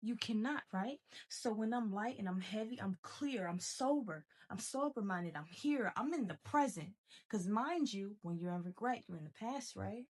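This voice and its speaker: A woman's voice: medium pitch, animated, moderate pace, darkish tone. Emphatic woman giving a spiritual pep talk. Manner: preachy, repetitive, emphatic, with casual slang. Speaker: spiritual self-help speaker. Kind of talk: motivational monologue.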